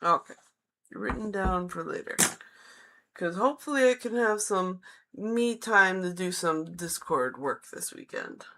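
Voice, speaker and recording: Slow-talking woman reading live chat. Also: lowish voice, animated, sharp tone, a little hiss or hum. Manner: friendly, slow, reads chat aloud and answers each viewer. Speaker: tarot reader streamer.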